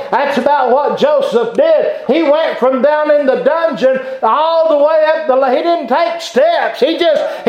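A man preaching a sermon, fervent, with halting restarts and bursts of shouting. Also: extremely high pitch. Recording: echoey room, dull lo-fi sound.

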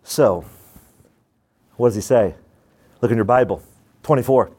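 A man preaching with a lively, swooping delivery, his somewhat high voice leaping up for emphasis and dropping low for asides. He talks to the congregation in a folksy way and acts out short bits of dialogue in quick put-on voices. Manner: animated, shifts between loud bursts and low asides, puts on quick voices. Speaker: pastor. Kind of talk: sermon.

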